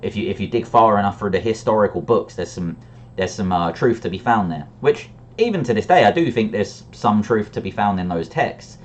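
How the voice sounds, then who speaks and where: A man's voice: on the low side, expressive, a little fast, highs cut off, a little hiss or hum. A man telling a personal story in a reflective, candid way, often restarting his sentences. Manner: reflective and candid, with frequent restarts and brief laughs.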